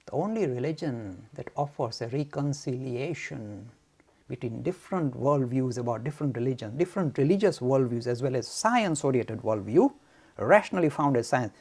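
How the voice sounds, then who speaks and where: A man from India gives a frank, forceful lecture on Hinduism to students. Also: medium pitch, normal speed, husky. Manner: forceful, frank, animated, mock-arrogant.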